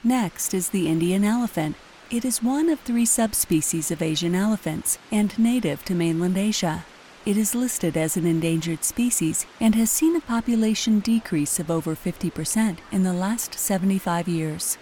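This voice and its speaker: An actress playing a pre-recorded zoo tour announcer with a formal, informative delivery. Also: female voice, mid-range voice, moderate pace, warm tone, slight background noise, close to an everyday voice.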